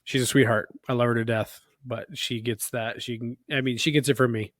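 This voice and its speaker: A man's voice: medium pitch, fairly quick, dry recording, studio quality. A man in his thirties co-hosting a casual podcast chat, telling family stories with lots of laughter. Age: 30s. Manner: animated storytelling, laughs often. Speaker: podcast co-host.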